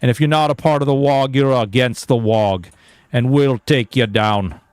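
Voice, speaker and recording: A man's voice: medium pitch, moderate pace, smooth, dry recording, close to an everyday voice. Man doing a joking Jamaican-accented enforcer. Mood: mock threat. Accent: put-on Jamaican.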